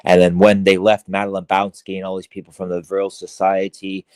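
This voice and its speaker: A low-pitched Irish man in casual podcast chat. He rambles and swears freely, stumbling through restarts and "uh"s. The sound is close and dry. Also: completely flat delivery, darkish tone, smooth, dry recording. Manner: rambling, heavy swearing, halting restarts and fillers. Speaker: podcast guest.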